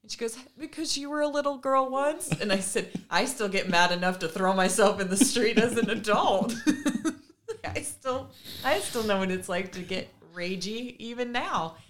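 A woman co-hosting a podcast, telling a parenting story in a casual, animated way and acting out the conversations. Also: mid-range voice, unhurried. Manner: animated, acts out remembered conversations with laughs. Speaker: podcast co-host and mother.

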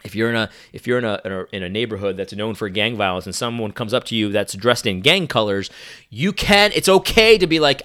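Animated, sarcastic young man ranting. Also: fairly low pitch, a little fast. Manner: sarcastic, animated, many restarts. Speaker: commentator. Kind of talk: opinion monologue.

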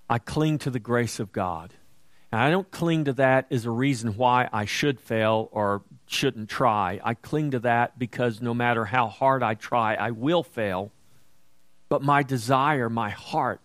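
A male preacher delivering a sermon with slow, deliberate pacing and a medium-pitched voice. He leans into emphasis, pushing his voice louder and higher on key lines. The sound is close and dry, with no room echo. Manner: slow, emphatic preaching that rises loud and high at questions and quoted scripture.

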